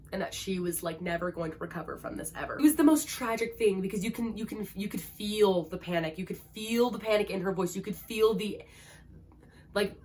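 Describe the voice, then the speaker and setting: With slight background noise behind her, a woman speaks in a mid-range voice while hosting a book-review vlog. She's emotional, gushy and dramatic, and leans heavily on "like."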